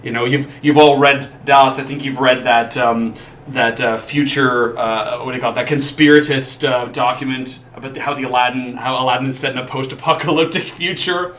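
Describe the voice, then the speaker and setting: A man's voice: mid-range voice, fairly even intonation, fairly quick, a bit bright. Chatty man with a roomy sound. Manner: enthusiastic, rambling with restarts. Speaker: podcast co-host. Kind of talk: casual chat.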